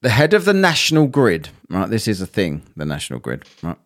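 A man's voice: lowish voice, wildly swooping pitch, brisk, a bit bright. A young man telling a ranting story with lots of swearing, acting out both sides of a quarrel.

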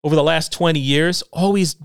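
A man's voice: on the high side, fairly quick, smooth, no echo, clean studio sound. A middle-aged man hosting a solo podcast from his basement, talking in a sarcastic, combative and self-deprecating way. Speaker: podcast host. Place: home basement.

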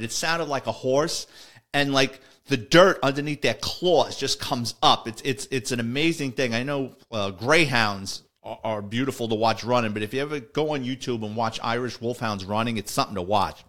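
A middle-aged man from the Bronx with a New York accent, a retired detective telling a story in a lively, salty way and acting out the dialogue. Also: mid-range voice. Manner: animated, swearing, acts out dialogue. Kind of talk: casual storytelling.

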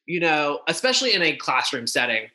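Impassioned co-host, man, bright forward tone, fast and full of fillers. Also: on the high side, very animated. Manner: impassioned, fast-talking with frequent restarts and fillers. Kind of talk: casual discussion.

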